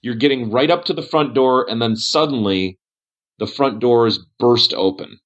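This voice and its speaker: A man's voice: medium pitch, moderate pace, fairly bright tone. A man narrating a tabletop game as game master, describing scenes with frequent fillers. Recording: dull lo-fi audio.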